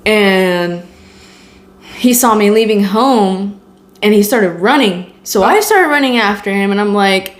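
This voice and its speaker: A woman's voice: mid-range voice, animated, unhurried. Young woman chatting in an echoey room. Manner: candid storytelling, swears freely, lots of "like". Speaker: podcast host. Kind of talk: casual chat. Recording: echoey room with faint noise.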